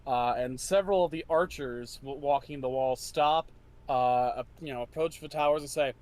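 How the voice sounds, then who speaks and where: A man narrating as game master of a tabletop game, halting with many restarts and laughing often. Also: medium pitch, a little mellow, dry recording.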